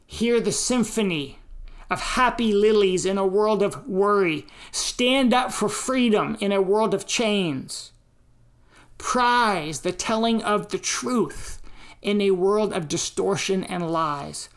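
American woman preacher, mid-pitched, unhurried, deliberate teaching sermon with emphatic quotations. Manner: slow, deliberate teaching delivery with emphatic quotes. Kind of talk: sermon on scripture and history.

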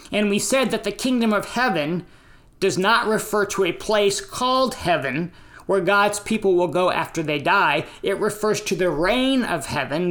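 An American man preaching a sermon in a measured, deliberate way, pausing between phrases. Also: high-pitched, a bit bright. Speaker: pastor.

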